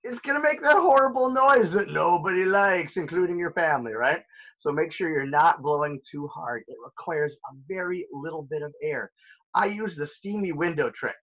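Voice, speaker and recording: A man's voice: high voice, a bit bright, dull audio. A man teaching a recorded elementary music lesson, upbeat and playful as he talks straight to young children.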